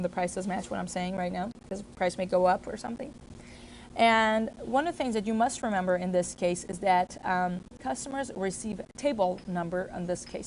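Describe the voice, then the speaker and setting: A woman's voice: medium pitch, darkish tone, slight background noise. Woman explaining restaurant procedures to staff. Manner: explanatory, with fillers and self-corrections. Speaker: restaurant trainer. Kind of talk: staff training talk.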